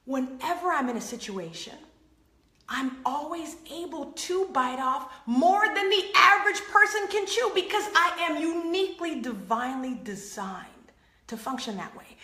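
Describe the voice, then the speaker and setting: A woman hosting an inspirational faith talk, telling stories with acted-out quotes and lively laughter. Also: high voice, echoey room. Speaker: host.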